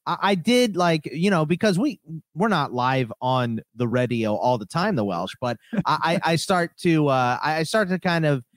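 A man co-hosting a sports radio show, chatting casually and lively, sometimes swooping into exaggerated voices when retelling stories. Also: fairly high pitch, normal speed, dry recording, studio quality. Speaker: podcast co-host.

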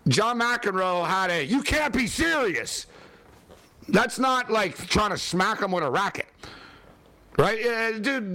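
A high-pitched man talking sports in a loose, ranting way, peppering every sentence with fillers. His delivery is animated and opinionated, a casual chat-show host letting off steam.

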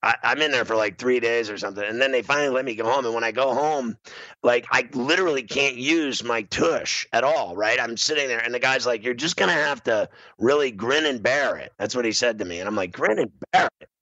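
A middle-aged man hosting a radio show, telling a comic story in an animated way. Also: a little fast, no echo, lo-fi sound. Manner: animated storyteller, bursts into high screaming. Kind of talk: comedic storytelling.

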